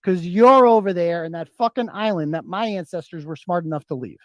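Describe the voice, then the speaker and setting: A man's voice: sits high, a little fast, dry recording. A man from the United States, arguing on a live stream in a boastful, profane and mocking way. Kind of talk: heated live-stream argument.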